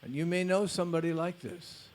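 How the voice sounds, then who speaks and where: A male spiritual teacher giving a lecture, reading a story aloud in a deliberate way with blunt casual asides. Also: high voice.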